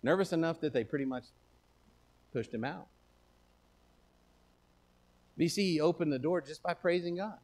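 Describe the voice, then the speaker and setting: A man's voice: on the high side, normal speed, pauses often. A man with a Texan accent preaching a sermon in a folksy, conversational way that swells into emphatic declarations. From Texas. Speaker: pastor.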